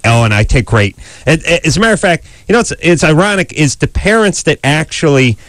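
A man hosting a call-in radio show, brash and mocking, breaking into loud put-on voices. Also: a little high, big pitch swings, brisk, no echo. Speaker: radio host.

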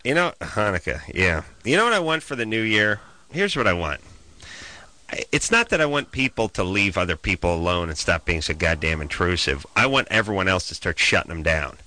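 Bright-voiced man telling a rant. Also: sits low, fairly quick. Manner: animated storyteller, ranting. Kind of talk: casual chat.

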